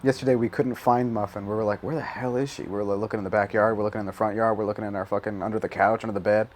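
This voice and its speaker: A man's voice: fairly low pitch, fairly even intonation, racing, darkish tone. Rambling, profane young man. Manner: rambling, profane, self-mocking, laughs often. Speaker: gaming YouTuber. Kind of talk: casual gameplay commentary.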